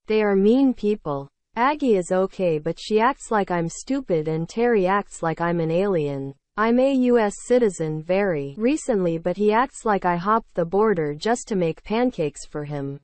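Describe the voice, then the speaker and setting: A woman's voice: mid-range voice, animated, moderate pace, few pauses, a little mellow, dry recording, lightly acted. A woman playing a former diner cook who testifies against her boss in broken, plain English. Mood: resentful.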